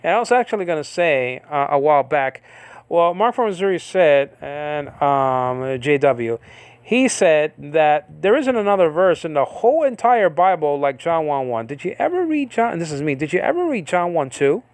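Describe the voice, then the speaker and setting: A Bible teacher gives an informal study lecture, rambling with many fillers and repeatedly checking "okay?" with his listeners. His voice is fairly high and animated, at a normal speed, with no echo.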